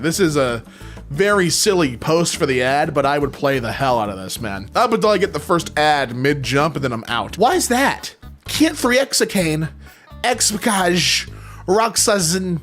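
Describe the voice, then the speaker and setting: Animated young man reacting to posts. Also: fairly high pitch. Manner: animated, jokey, mock-confused readings. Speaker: reaction commentator. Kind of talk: reading posts aloud and reacting.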